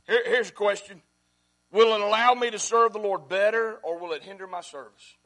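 A man preaching a sermon as pastor, repeating his phrases and swinging between loud and hushed. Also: high voice, steady tone, moderate pace.

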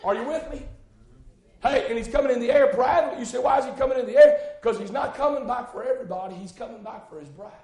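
A man's voice: very high voice, fast. Fervent preacher man, echoing hall. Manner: fervent, shouting bursts, rhythmic repetition. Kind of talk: sermon.

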